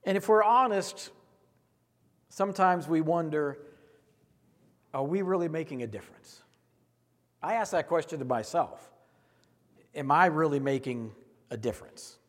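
Male pastor, high voice, earnest sermon cadence, recorded in a reverberant sanctuary. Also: unhurried, pauses often. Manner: earnest, repetitive preaching cadence. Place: church sanctuary. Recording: long hall reverb.

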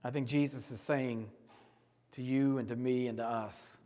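A man preaching an earnest sermon as the pastor of a church, in a steady, repetitive cadence. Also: medium pitch, normal speed. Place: church sanctuary. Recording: long hall reverb.

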